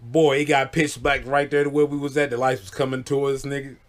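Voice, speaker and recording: A man's voice: medium pitch, level tone, quick pace. A man telling stories casually into the camera, laid-back and profane, often checking in with his listeners. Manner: laid-back, profane, keeps saying "you know what I'm saying". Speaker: vlogger. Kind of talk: casual storytelling.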